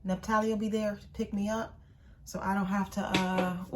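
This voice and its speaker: A middle-aged woman vlogging casually, playful and animated, chatting to her pet and her viewers. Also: mid-range voice, normal speed. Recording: faint background noise.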